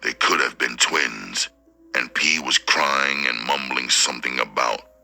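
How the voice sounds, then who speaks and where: A male storyteller with an extremely deep, gravelly voice, reading slowly and deliberately. His tone is husky yet bright and forward. Soft music plays underneath. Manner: slow, deliberate, preacherly delivery. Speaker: narrator and audiobook reader. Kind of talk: dramatic storytelling narration.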